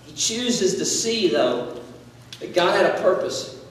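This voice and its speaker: A man with a high voice tells a Bible story as a laid-back sermon, chatty and animated, with plenty of "like" and restarts. He is heard from far off in a large hall, and his words ring in a long, echoing reverb. A faint hum of noise sits underneath. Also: slow pace. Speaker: student speaker.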